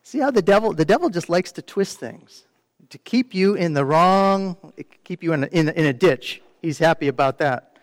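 An animated male pastor with a fairly high voice keeps a moderate pace while preaching in a conversational style. He asks the congregation questions and acts out complainers in quoted asides; the recording is dry but sounds like a big room.

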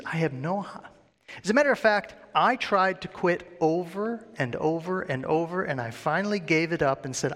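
A man's voice: high voice, animated, normal speed, fairly bright tone. A man preaching a sermon built on his own testimony, earnestly putting questions to his listeners and acting out his past thoughts. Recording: long hall reverb.

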